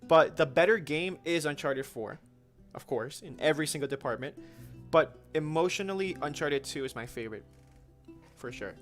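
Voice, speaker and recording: A man's voice: fairly high pitch, animated, moderate pace, a bit bright, soft background music. A young man hosting a gaming livestream, casually answering viewer questions in a chatty, slangy way with frequent restarts.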